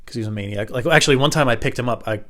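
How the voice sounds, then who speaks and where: A man's voice: medium pitch, very fast, fairly bright tone. A man telling rambling personal stories in a casual, profane, offhand way. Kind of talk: casual storytelling monologue.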